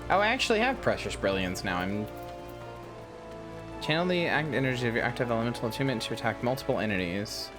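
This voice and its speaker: A man's voice: medium pitch, very animated, fast talker, music in the background. A man livestreaming a game, chatting casually with viewers, joking and swearing. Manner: swearing, joking banter with chat. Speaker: streamer. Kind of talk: casual game stream chat.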